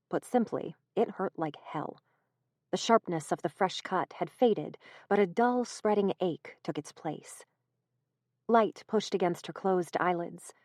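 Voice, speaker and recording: A woman with a fairly low voice reads a horror audiobook close to the mic, with no room sound. Her scripted narration is measured and even in its storytelling.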